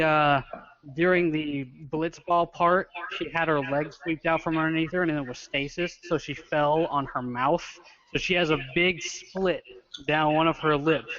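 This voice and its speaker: A man playing a tabletop game, describing his character in a halting, casual way with many restarts, on a dull lo-fi recording. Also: on the high side, a bit bright. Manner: halting, searching for words. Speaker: player.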